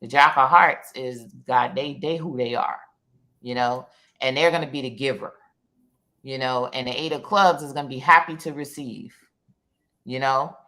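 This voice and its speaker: Low, bright-voiced New York woman. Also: moderate pace. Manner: rambling, repeats words, frequent "you know". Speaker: panelist. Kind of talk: casual chat about card reading.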